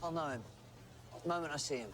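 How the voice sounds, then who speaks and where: An actor playing a brisk male time traveler with a quick, animated delivery in a TV drama clip. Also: a little high, close to an everyday voice. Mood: urgent. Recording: TV clip with loud music.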